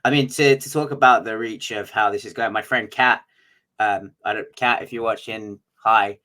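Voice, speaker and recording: A man with a lowish voice co-hosting a relaxed podcast. He is blunt and sweary, slipping in dry jokes, recorded over a remote online studio connection. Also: moderate pace, low-quality recording. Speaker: podcast co-host. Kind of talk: casual podcast chat.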